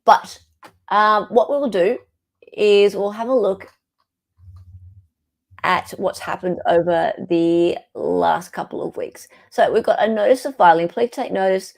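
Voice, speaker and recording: Aussie woman hosting a chat show, bit gravelly, rambles and restarts a lot while reading docs. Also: mid-range voice, a little slow, darkish tone. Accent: Australian. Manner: chatty, thinks aloud with fillers and restarts. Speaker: podcast host. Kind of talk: casual chat reading court records.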